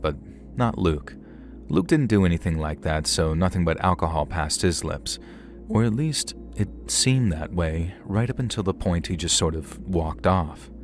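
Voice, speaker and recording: A man narrating a scripted creepy story, wry and conversational, in a measured way. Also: deep voice, a little hiss or hum.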